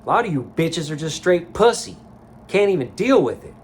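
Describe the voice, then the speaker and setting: A man's voice: on the high side, very animated, normal speed, slight background noise. A man giving a blunt, profane motivational rant to camera as a life coach vlogger, recorded in a sauna.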